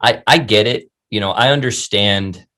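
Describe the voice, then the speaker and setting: A young man hosting a casual podcast, with a voice on the low side. He jokes around, swears freely and keeps the chat loose and friendly. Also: moderate pace, sharp tone. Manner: laid-back, swearing, jokey. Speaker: podcast host.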